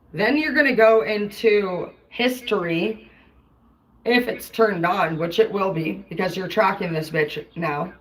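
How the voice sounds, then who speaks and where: A woman's voice: fairly low pitch, poor audio. A woman tarot reader talking casually to her live-stream viewers in a blunt, rambling, heavily profane way.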